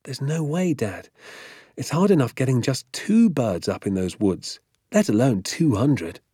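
Brief: man putting on a pleading, earnest boy, pitched well up, dry close sound. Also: animated, measured pace, dark tone, slightly rough, dry recording. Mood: alarmed. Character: eager, earnest young boy, the narrator's son. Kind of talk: audiobook character voice.

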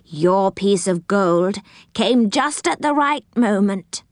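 A woman voicing a calm, pleased old witch with a slow, lilting voice in a storybook reading. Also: medium pitch, dry recording, clean studio sound.

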